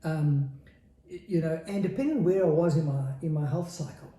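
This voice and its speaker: Earnest forties man, dark roomy voice. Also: on the high side, fairly quick. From South Africa. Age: 40s. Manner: earnest, repeats phrases for emphasis. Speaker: podcast guest. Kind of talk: candid interview talk.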